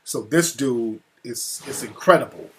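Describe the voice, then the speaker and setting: A man talking casually as an interview guest, telling a profane, animated story that gets heated. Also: medium pitch, a little slow, a little hiss or hum. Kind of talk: casual phone-style conversation. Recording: call audio cutting out.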